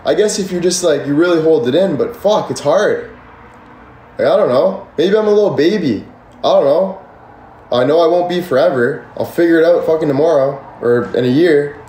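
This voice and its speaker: Hosting a casual livestream from a room indoors, a young man with a warm voice on the high side talks at a moderate pace, ranting passionately, cursing often and responding to chat. A distant phone or camera gives a roomy sound with slight background noise.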